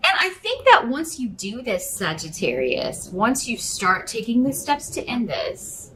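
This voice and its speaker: A woman's voice: fairly high pitch, big pitch swings, measured pace, bright, forceful tone, slight background noise, poor audio. A woman giving a casual tarot reading, talking straight to the listener with a rambling, hesitant flow full of fillers and restarts. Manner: addresses the listener directly as a star sign. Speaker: tarot reader.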